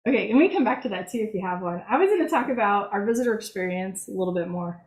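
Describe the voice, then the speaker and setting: A woman's voice: medium pitch, animated, quick pace, low-quality recording. Woman, museum director, casual club talk, chatty, laughs a lot, pokes fun at herself. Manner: chatty, self-mocking, laughs often.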